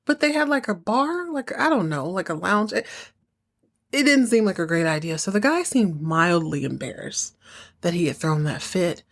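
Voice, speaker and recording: Lively Southern woman recapping a show. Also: on the low side, moderate pace. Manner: animated, acts out characters' lines. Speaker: podcast host. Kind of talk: casual recap chat.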